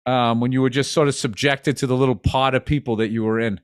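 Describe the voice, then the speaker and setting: A man's voice: mid-range voice, fairly even intonation, fast talker, smooth, no echo, studio quality. A man co-hosting a podcast, in wry, profane, rambling chat. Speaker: podcast co-host.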